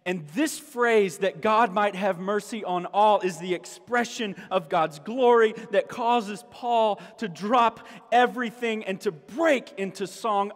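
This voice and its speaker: A man's voice: high voice, takes it slowly, in a large hall. A man preaching a sermon as a pastor, emphatic, repeating key phrases and rising to exclamations. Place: church sanctuary.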